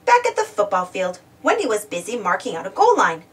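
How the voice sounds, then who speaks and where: A woman reading a children's storybook aloud in an expressive, animated way. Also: mid-range voice, fairly quick, far from the mic.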